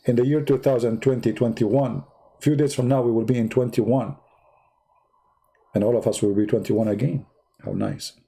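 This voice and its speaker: A man hosting a livestream, retelling a story in a mocking, animated way in loose, nonstandard English. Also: mid-range voice, normal speed, husky. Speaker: livestream host. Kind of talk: mocking religious commentary, casual.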